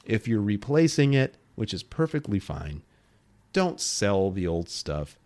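Late-30s guy doing a solo podcast, kinda low voice, really lively, pushy and chatty with listeners. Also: unhurried. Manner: emphatic, animated, addresses listeners directly. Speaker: podcast host.

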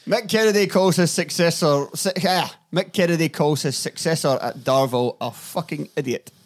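A man's voice: on the high side, moderate pace. A Scottish man co-hosting a podcast in easygoing, agreeable casual chat. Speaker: podcast co-host.

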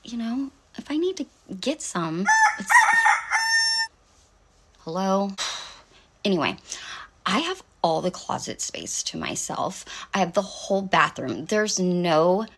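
A woman's voice: mid-range voice, sing-song, slow, pauses often, noisy background. A middle-aged woman telling a rambling, sarcastic story in a casual vlog rant, full of profanity and fillers. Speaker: vlog host.

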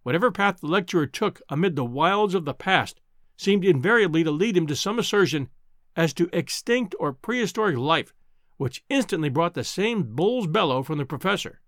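A man narrating a classic novel in a measured, expressive audiobook style. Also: fairly high pitch, no echo, clean studio sound. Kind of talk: audiobook storytelling.

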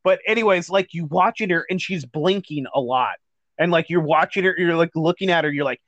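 Profane, excitable podcast co-host. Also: male voice, fairly high pitch, fairly quick, no echo. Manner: profane, excitable, laughs often. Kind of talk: casual chat.

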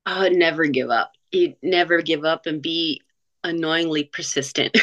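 A woman's voice: low voice, steady tone, a little slow, fairly bright tone, highs cut off. A woman in her forties telling her story in an interview, earnest and chatty, with frequent restarts and filler words. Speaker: interview guest, marathon runner.

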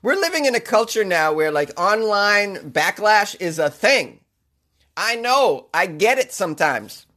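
Boston guy doing a sarcastic rambling comedy bit, high voice, laughs at his own jokes. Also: sing-song, measured pace, pushed and bright. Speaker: podcast host. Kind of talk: comedic monologue.

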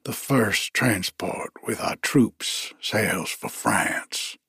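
A man voicing a white-haired old male soldier with a soft, hushed, courteous way of speaking. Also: lowish voice, extremely slow, vocal fry, breathy edge, no room sound, clean studio sound, exaggerated voice. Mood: earnest.

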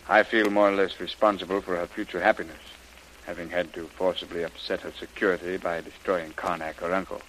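An actor playing a concerned middle-aged governor, measured and paternal with hesitant pauses, in a hissy old radio drama. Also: male voice, low voice, little pitch movement, fairly bright tone, rough recording. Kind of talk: 1930s radio drama acting.

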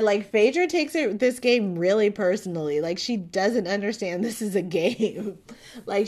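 A woman hosts a casual reality-show recap in an unhurried, chatty way. Her voice sits at a middle pitch, and she gushes freely, filling her sentences with casual fillers. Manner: chatty, gushing, many fillers like "like" and "um". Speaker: podcast host reviewing a reality show.

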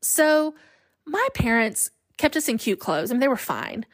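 A woman's voice: on the high side, big pitch swings, measured pace, dry recording. Candid woman telling her story, dry close mic. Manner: candid and self-deprecating, laughing at memories. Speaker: podcast host. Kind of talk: personal storytelling.

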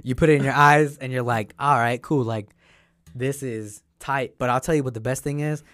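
A man's voice: medium pitch, normal speed, dry recording. A young man in casual podcast chat, telling a story with lots of swearing and acted-out quotes. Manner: animated storyteller, acts out quotes, swears often, laughs.

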